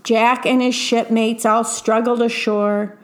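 A woman reading a picture book aloud, gently pointing out what is in the pictures as she goes. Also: on the high side, flat delivery, slow. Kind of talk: read-aloud storytelling with picture commentary.

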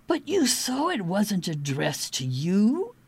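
A woman's voice: medium pitch, wildly swooping pitch, slow, darkish tone, slightly rough, dry recording, heavily acted. A woman voicing a flustered young man who protests indignantly in a raised voice. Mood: protesting.

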